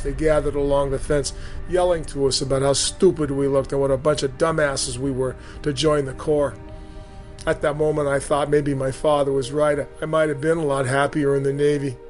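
A man telling his own story in a steady, earnest memoir reading. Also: on the high side. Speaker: storyteller recounting his boot camp.

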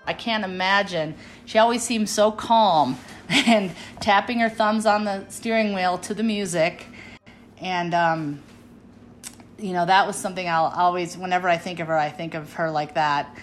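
A woman's voice: lowish voice, moderate pace, faint music behind. A woman in her fifties from Wisconsin, one of five siblings, fondly recalling her mother and family trips in an interview. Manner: warm, fond recollection with fillers and acted-out quotes.

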